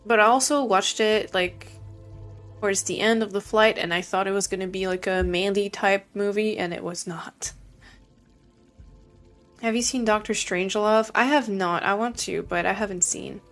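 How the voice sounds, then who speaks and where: A woman's voice: mid-range voice, moderate pace, a bit bright, soft background music. A young woman streaming a game, chatting casually and sleepily with her chat, rambling with many fillers.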